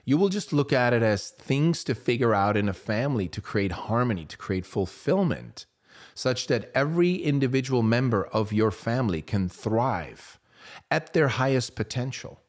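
A man's voice: mid-range voice, animated, normal speed. A man, a parent, giving an earnest, persuasive motivational talk full of rhetorical questions. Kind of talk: motivational monologue.

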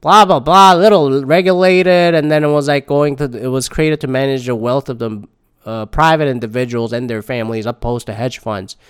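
A man's voice: mid-range voice, steady tone, moderate pace, clear, resonant tone. A man reading a news article aloud and breaking off into profane, rambling, sarcastic asides in casual commentary.

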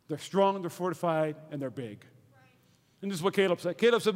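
A man preaching a sermon, energetic, swinging between shouts and hushed lines. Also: very high voice, fast. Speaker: pastor. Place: church hall. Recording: reverberant hall.

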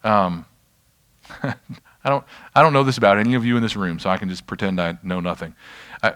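A man's voice: lowish voice, normal speed, a bit bright. A pastor teaching a church class in a loose, conversational way, often checking whether his listeners follow. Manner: conversational, self-deprecating, checks in with the audience. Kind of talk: informal sermon teaching. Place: church room with an audience.

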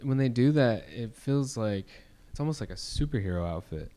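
A man chatting casually with friends, animated and rambling with lots of fillers as he lists details. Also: medium pitch, moderate pace. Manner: animated, nerdy about skate shoes, rambling with fillers. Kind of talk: casual chat.

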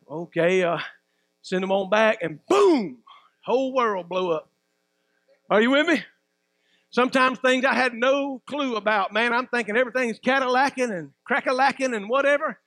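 A middle-aged pastor preaches a sermon in a very high voice, shouting at times and calling for responses from the congregation. There is no room sound on the recording.

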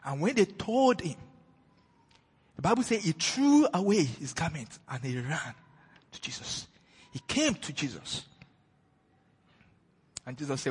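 A man preaching a sermon with a very husky, breathy voice and a lively, swinging pitch. He moves between loud declarations and hushed retellings of scripture. His voice carries a long reverb from a church hall. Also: a little slow, pauses often.

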